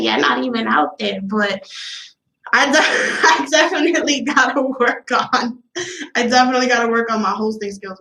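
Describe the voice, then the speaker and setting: A woman hosts a casual podcast among friends, her voice sitting a bit high. She is high and a little out of breath, and tells stories in a loose, profane way full of laughter. The room around her is echoey. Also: a bit bright. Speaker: podcast host. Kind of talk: casual chat.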